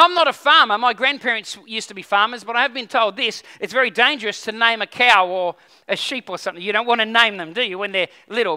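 A male pastor with a very high, strikingly bright and forceful voice delivers a sermon. He talks to the congregation conversationally, stumbling into restarts and tossing them questions. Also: smooth.

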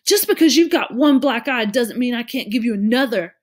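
A woman's voice: a little high, lively intonation, a little fast, voice pushed up. A woman reading a storybook, voicing a sullen, defensive nine-year-old boy who speaks in short outbursts. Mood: sulky.

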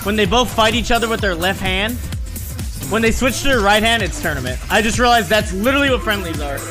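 A man in his thirties streaming, telling stories in casual, profane chat and yelling at the game he plays. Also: sits high, a little fast, music in the background. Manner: profane, animated storytelling, yells at the game.

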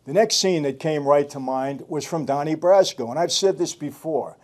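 An older man talks in a casual storytelling way. His voice is fairly high for a man but mellow and warm. He presses his points home by repeating key phrases. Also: moderate pace. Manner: emphatic, repeats phrases for weight. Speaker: host.

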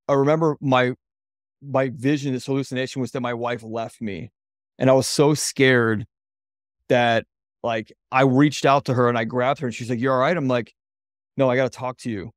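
A man's voice: medium pitch, steady tone, moderate pace, dry recording. Candid man telling his story, dry sound. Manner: loose, rambling, with many "like" fillers; earnest and openly emotional. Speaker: podcast guest, men's coach.

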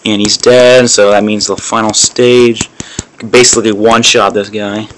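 A man's voice: fairly low pitch, level tone, moderate pace, slight background noise. A man crudely commenting to himself, with plenty of swearing, while playing a mobile game. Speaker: gamer.

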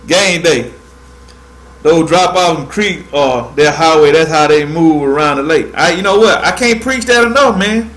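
A man hosts a fishing livestream in a relaxed, drawling chat, tossing "man" into every other phrase. His voice sits fairly high for a man, and it carries a roomy echo. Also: moderate pace. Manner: laid-back, drawling, peppers speech with "man". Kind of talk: casual livestream tutorial.

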